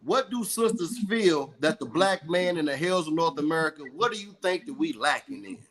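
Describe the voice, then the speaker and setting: A man's voice: on the high side, lively intonation, moderate pace, a bit bright, slight background noise, rough recording. A man in his forties hosting a casual group call, laid-back and stammering, cursing freely. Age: 40s. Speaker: host. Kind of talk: casual online group chat.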